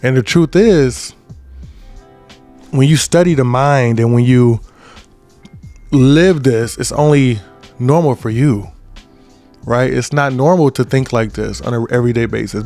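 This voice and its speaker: A man's voice: medium pitch, measured pace, gravelly, pauses often, a little mellow, faint music behind. A man in his twenties giving a casual motivational talk as a podcast host, often checking in with "right?". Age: 20s. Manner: conversational, repeats "right?" often.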